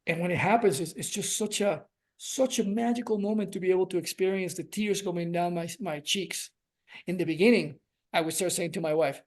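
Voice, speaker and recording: A man's voice: sits high, a little fast. A man speaking as a relationship coach on a podcast, earnest and reflective, stretching out key words for emphasis. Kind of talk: reflective conversational podcast talk.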